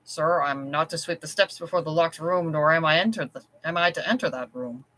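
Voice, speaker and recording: Reader doing a fierce, plainspoken housemaid, bright voice, storybook. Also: mid-range voice, brisk, slight background noise, natural voice. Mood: deferential. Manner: blunt, plainspoken. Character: sturdy protective chambermaid, blunt and fierce.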